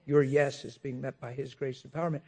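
A man preaching a sermon, moving between quiet prayer-like phrases and loud, animated storytelling. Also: fast. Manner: soft prayerful murmur rising to loud, high-pitched storytelling.

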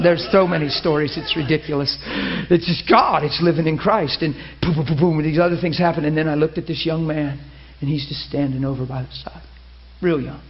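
A male preacher telling a story in a sermon, moving from animated retelling to a soft, intense hush. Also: on the high side. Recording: muffled lo-fi with faint hiss.

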